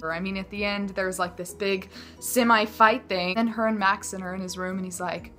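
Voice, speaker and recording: A woman talking casually to camera as a book vlogger, animated and gushing, mocking the characters in quick asides. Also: medium pitch, soft background music.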